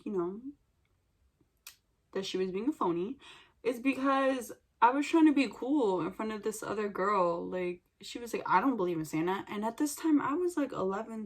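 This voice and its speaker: A young woman vlogger chatting casually while doing her makeup, telling a story animatedly with sudden loud bursts. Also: medium pitch. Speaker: beauty vlogger.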